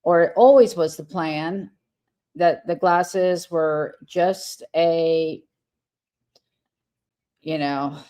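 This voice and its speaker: Slow, low-voiced irritated woman streamer. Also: warm tone. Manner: rambling, irritated, swears often. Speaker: livestreamer. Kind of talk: casual livestream chat.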